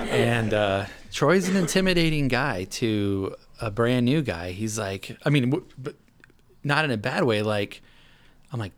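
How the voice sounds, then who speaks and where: A man of middle pitch tells his recovery story in a loose podcast chat. He is animated and lively, slipping into the voices of the people he quotes. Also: moderate pace.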